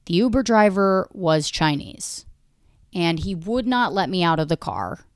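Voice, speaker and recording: A woman comic hosting her own podcast, talking in a low-set voice. She rambles in a profane, self-deprecating, wry way. Her voice comes through smooth and close on the mic, with a dry, dead sound. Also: lively intonation, unhurried, no echo. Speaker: comedian podcast host. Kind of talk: rambling comedic monologue.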